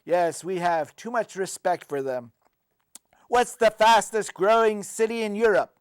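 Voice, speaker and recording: Comedy sketch: man doing a high-voiced, boastful leprechaun, hammy, unhurried, crisp and dry. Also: dry recording. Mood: joking. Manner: joking, proud and hammy. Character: boastful big male leprechaun wrestling champ. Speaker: comedy host.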